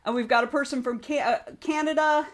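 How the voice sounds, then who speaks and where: A woman's voice: sits high, fairly even intonation, fairly quick. Chatty Southern woman streamer. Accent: Southern US (Georgia). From United States. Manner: chatty, rambling, greets viewers by name. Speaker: streamer and author. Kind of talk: casual livestream chat.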